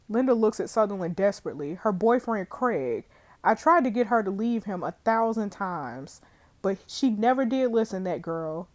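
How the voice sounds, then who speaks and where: A young woman streamer reads a detective game's lines out loud and voices every character in her own everyday voice. She breaks off now and then for short asides of her own, and her voice sits at a middle pitch. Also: animated, normal speed. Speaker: streamer playing a detective game. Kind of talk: reading game dialogue aloud with commentary.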